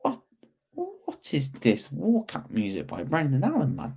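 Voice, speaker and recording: A man's voice: fairly high pitch, wildly swooping pitch, a little slow, creaky, a little mellow, breathy edge. A young man hosting a fight watch-along, chatting casually to his viewers and stumbling over his words as he comments.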